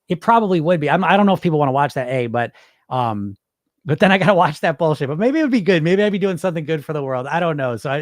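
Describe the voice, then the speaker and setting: A man's voice: a little high, no room sound, studio quality. A middle-aged man hosting a live podcast stream, chatting loosely and reading viewer comments aloud with many fillers and restarts. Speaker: podcast host answering live chat. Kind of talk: casual live-stream talk.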